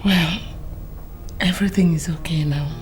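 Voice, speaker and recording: An actress with a Nigerian accent playing a calm, devoted wife caring for her sick husband, speaking soothingly. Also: lowish voice, moderate pace, faint music behind, close to an everyday voice. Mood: gentle. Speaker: wife and mother. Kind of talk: film drama acting.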